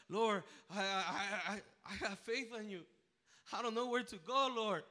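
A man preaching a personal testimony to a church, emotional and full of repeated words and restarts, rising to near shouting at the high points. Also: fairly even intonation, normal speed. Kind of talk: sermon testimony. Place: church sanctuary.

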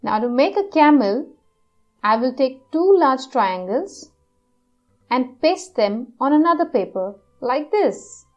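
A woman's voice: high-pitched, very animated, slow pace, a little mellow, muffled recording, faint music behind, heavily acted. A woman voicing a clever, patient tortoise who explains step by step how to cut and arrange shapes. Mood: instructing. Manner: step-by-step instructional.

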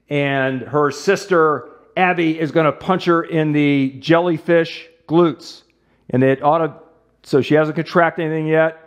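Playful male fitness coach. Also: a little high. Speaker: fitness instructor. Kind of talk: coaching an exercise demo.

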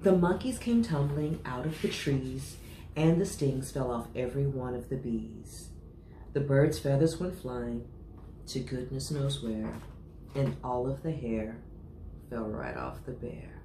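A woman reading a children's picture book aloud in an expressive, sing-song storyteller's way. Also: extremely low pitch, a little slow, roomy sound, a little hiss or hum.

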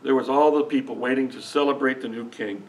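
A man's voice: medium pitch, fairly even intonation, brisk, a little mellow. Middle-aged male pastor, earnest emotional folksy sermon delivery, mid-range voice, miked from a distance. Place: church sanctuary.

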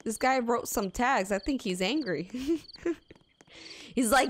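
A woman's voice: fairly high pitch, expressive, slow, long pauses, slight background noise. A woman gaming YouTuber giving casual, amused commentary while playing. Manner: amused, chatty. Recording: game music playing behind.

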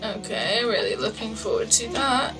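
In poor audio with music underneath, a woman does let's play commentary from far away from the mic. Her slightly high voice runs at normal speed as she gets excited, yelps and swears at the game, and reads signs aloud.

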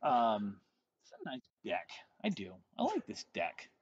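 A man's voice: on the low side, huge pitch swings, a little slow, slightly rough. A man in his forties co-hosting a podcast, chatting casually on an outdoor deck in a wry, teasing way. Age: 40s. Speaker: podcast co-host. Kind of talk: casual chat. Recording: dull lo-fi sound.

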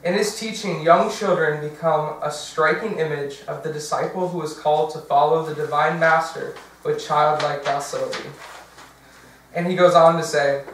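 A man's voice: on the high side, fairly even intonation, normal speed, fairly bright tone, a little hiss or hum. A young man giving a casual workshop talk, chatty, with fillers and self-corrections. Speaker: diocesan workshop presenter. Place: large church hall. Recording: very echoey, from far off.

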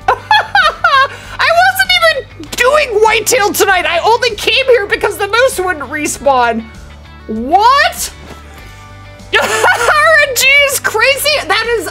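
A young woman live-streaming a hunting game, chatting with her viewers and getting excitable. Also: fairly high pitch. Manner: excitable, chatty, talking to chat. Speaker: gaming streamer.

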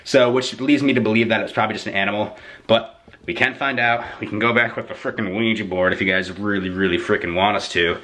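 A young man chatting casually to camera at home, rambling and excitable, swearing freely. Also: lowish voice, quick pace. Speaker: YouTuber. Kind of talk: casual vlog chat to camera. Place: indoors at home, bedroom.

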